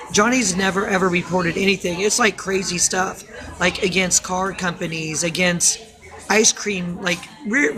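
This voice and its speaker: A woman's voice: fairly low pitch, rough recording. A woman vlogging into her phone, tired and rambling, with nervous laughs breaking in. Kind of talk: casual phone vlog.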